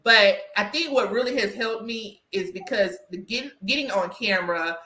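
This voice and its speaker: A woman's voice: mid-range voice, moderate pace, bright, forceful tone, reverberant, poor audio. A woman with a Southern US country twang hosting a podcast interview, talking in an emphatic, chatty way and often tagging on "right?". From Southern United States. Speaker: podcast host and career coach. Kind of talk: conversational interview.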